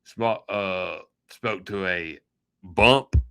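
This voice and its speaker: A man's voice: low-pitched, drawn-out words, gravelly, sharp tone, clear, resonant tone. A man hosting a livestream, rambling through a joking, folksy sign-off chat. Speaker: livestream host.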